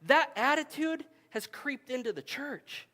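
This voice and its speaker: High-voiced man preaching a sermon. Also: big pitch swings, unhurried, sharp tone. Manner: conversational storytelling with frequent restarts. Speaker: pastor. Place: camp meeting hall.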